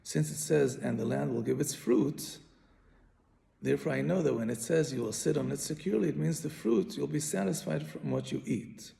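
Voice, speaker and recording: A man's voice: fairly high pitch, moderate pace, vocal fry, warm tone. A man teaching a Bible commentary lesson, patiently explaining and often repeating and restarting his phrases. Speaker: Torah teacher.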